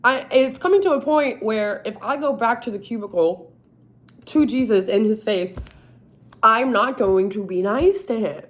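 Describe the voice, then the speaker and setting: A woman venting in a casual, animated monologue, exasperated and self-mocking. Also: on the high side, unhurried. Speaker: vlogger.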